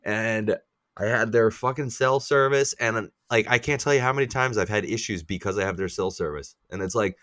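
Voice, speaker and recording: Low-voiced profane man ranting on a podcast. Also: brisk, dry recording, studio quality. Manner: profane, ranting, animated complaints. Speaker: podcast co-host. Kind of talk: casual chat.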